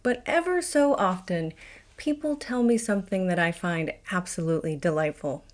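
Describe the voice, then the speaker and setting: A woman with an Appalachian accent hosts a scripted explainer in a slightly low voice. She tells it wryly and confidently, with dry asides. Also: normal speed. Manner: wry, confident storytelling. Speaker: video host. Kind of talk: scripted educational narration.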